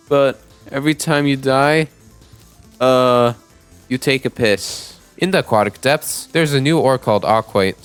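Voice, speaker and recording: Excitable young gaming YouTuber, man. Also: medium pitch, clean tone. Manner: excitable, shouts and pleads during fights; talks to chat, self-deprecating. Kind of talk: let's play with voice-over narration.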